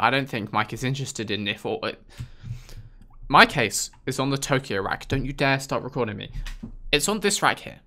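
A British man talks through a video game, his voice bright and forceful. His pitch swings widely up and down. He answers the game with dry sarcasm and mounting exasperation. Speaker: gaming video host. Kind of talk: casual gameplay commentary.

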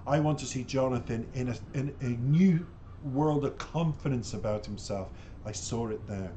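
A man with a middle-pitched, everyday voice talks straight to his viewers, reacting to a music clip. He is openly emotional and exclamatory, repeating words as he searches for what to say. A faint hum sits behind him. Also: moderate pace, warm tone. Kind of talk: casual reaction commentary.

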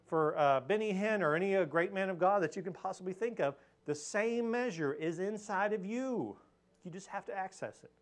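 Earnest man teaching a church lesson. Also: high voice. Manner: earnest, storytelling, emphatic on faith points. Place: church hall with pulpit.

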